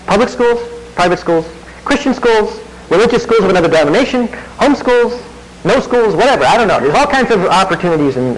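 A man's voice: high voice, rough recording. A man preaching a sermon in a conversational way, with wry asides to the congregation. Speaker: pastor.

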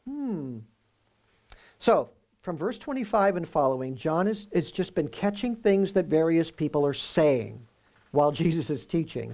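A man preaching through a Bible passage in a conversational way, often checking in with "right?" and reading the verses slowly with emphasis. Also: on the high side, creaky, a little mellow. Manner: reads scripture aloud slowly and with emphasis. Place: room with a live audience.

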